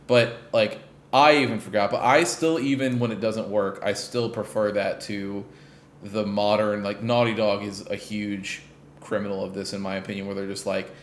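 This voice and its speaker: A man co-hosting a podcast in loose, casual chat. His voice sits on the low side, and he rambles along with plenty of fillers and the occasional swear word. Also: steady tone, normal speed, a little hiss or hum. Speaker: podcast co-host.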